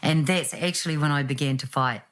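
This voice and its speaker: A woman, telling her own story in an animated, reflective way and acting out what was said. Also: low-pitched, a little fast. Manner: animated, acts out quotes with laughs.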